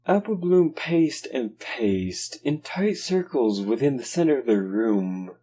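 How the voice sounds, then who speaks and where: A man narrating a horror story slowly and dramatically. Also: medium pitch, sing-song, warm tone, husky. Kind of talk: dark horror story reading.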